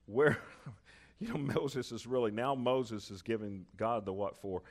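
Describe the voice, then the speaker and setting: Man preaching with lively chuckling asides. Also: mid-range voice, moderate pace. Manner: reads scripture then breaks into lively asides with chuckles. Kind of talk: sermon reading and expounding scripture.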